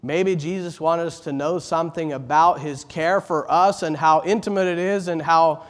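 A middle-aged man preaching a sermon, earnest, repeating words as he builds, rising loud on exalted phrases and dropping soft on tender ones. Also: fairly high pitch, fairly even intonation, normal speed.

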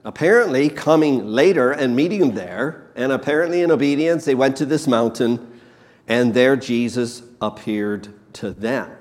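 A man preaching a sermon, slow and emphatic, repeating key words for weight. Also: medium pitch, a little mellow. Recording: long hall reverb.

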